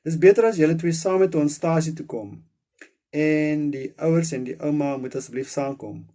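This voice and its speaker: A man reading aloud voices a gruff, scolding police sergeant in a storybook. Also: on the high side, moderate pace, dark tone, pitched above the performer's own voice, natural voice. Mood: stern. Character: stern grumpy male police sergeant.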